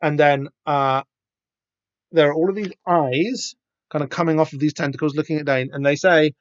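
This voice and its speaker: A man's voice: a little high, fairly even intonation, normal speed, no echo. A man hosting a podcast, talking through a comic in a rambling, casual way with lots of fillers and restarts. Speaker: podcast host. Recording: dull lo-fi sound.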